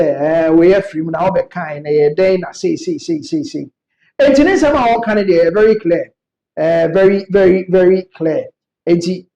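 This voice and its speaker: Ghanaian guy doing news commentary, warm tone, lots of ums, roomy sound. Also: on the high side, gravelly. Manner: mixes Twi and English, many fillers.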